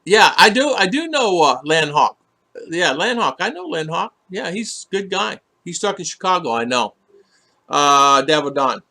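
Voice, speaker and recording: A man's voice: a little high, big pitch swings, normal speed, gravelly, bright, forceful tone. A man hosting a casual livestream, reading viewer comments aloud and rambling through them with many fillers and restarts. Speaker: livestream host reading chat. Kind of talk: casual live chat. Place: home in the Philippines.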